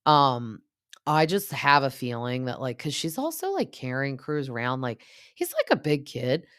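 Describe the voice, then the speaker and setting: A woman's voice: very deep voice, sing-song, normal speed, fairly bright tone, clean tone, no echo, studio quality. A woman in her thirties hosting a podcast, chatting casually and gossipy with lots of filler words as she recaps reality TV. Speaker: podcast host.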